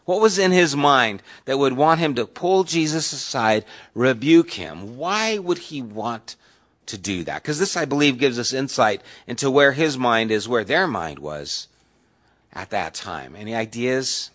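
A man leads a Bible study class in a relaxed, conversational tone. His voice sits at a middle pitch, and he keeps asking the group questions. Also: a little slow.

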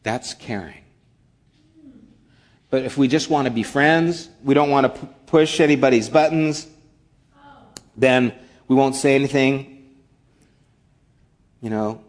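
A man preaching a sermon as pastor, earnest, moving between strong emphasis and hushed, almost whispered passages. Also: mid-range voice.

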